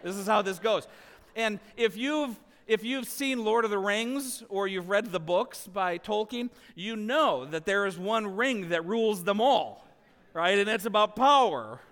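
A man preaching a sermon as a pastor, telling a family story with lively, animated delivery. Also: sits high, measured pace, big-room sound. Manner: animated storytelling, rising loud when acting out scenes.

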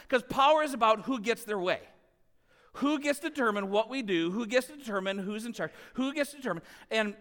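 A man preaching a sermon as a pastor, telling a family story with lively, animated delivery. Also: sits high, long reverb tail. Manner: animated storytelling, rising loud when acting out scenes.

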